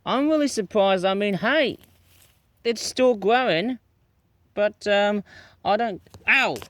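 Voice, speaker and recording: A man's voice: sits high, takes it slowly, dry recording. A man talking casually and chattily to viewers as he weeds his backyard garden, recording outdoors on a tablet. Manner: chatty, exclamatory, playful word choices. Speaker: gardening vlogger. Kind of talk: casual rambling commentary. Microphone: tablet camera.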